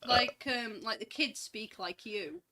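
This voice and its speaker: A woman's voice: a little high, slow pace, pushed and bright. A woman with a Yorkshire accent in casual chat, laughing often and giving short replies.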